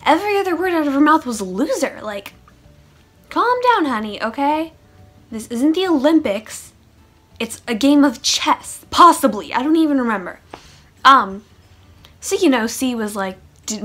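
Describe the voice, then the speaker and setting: A woman's voice: fairly high pitch, normal speed, fairly bright tone, faint music behind. A woman chatting through a funny storytime vlog, with sarcastic asides. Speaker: vlogger. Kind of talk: casual storytime monologue.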